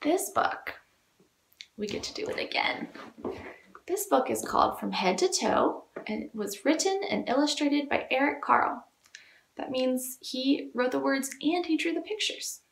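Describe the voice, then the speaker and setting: A woman children's librarian leading a storytime, talking to young children in an animated, sing-song way. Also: sits high, a little slow, gravelly, a little hiss or hum. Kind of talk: children's storytime reading and singing. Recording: echoey room.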